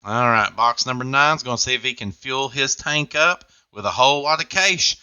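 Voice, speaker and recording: A man's voice: mid-range voice, normal speed, bright, forceful tone, clean tone, no room sound, muffled recording. A man hosting a game show, with upbeat, jokey patter.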